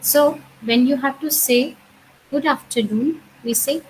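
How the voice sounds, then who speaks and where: A woman lecturer teaches introductory French at a slow, deliberate pace, with her voice sitting a touch high. She repeats each sound and word and fills her pauses with "uh" and "okay." Faint background noise runs under the recording. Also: low-quality recording. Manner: explanatory, with frequent "uh" and "okay".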